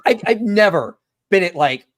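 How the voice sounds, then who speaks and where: A man's voice: high voice, animated, moderate pace, dry recording. Male host in his thirties, casual and dismissive, dry close sound. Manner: casual, many filler likes, dismissive. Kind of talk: casual online panel discussion.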